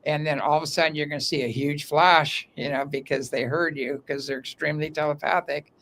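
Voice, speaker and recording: A man talking as a guest in a casual interview, telling stories in an animated way with frequent restarts, speaking from an underground room. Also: fairly high pitch, fairly quick, slight background noise. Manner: animated, talkative storyteller with many restarts.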